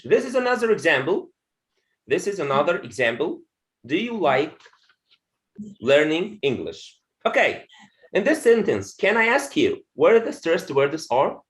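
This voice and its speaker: A man teaching English pronunciation in an online class, repeating words and phrases slowly for his students. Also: fairly high pitch, rough recording. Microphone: video call.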